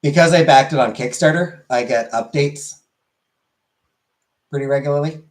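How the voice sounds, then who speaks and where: A man's voice: on the high side, normal speed. A man streaming, chatting casually and rambling with lots of fillers while answering chat.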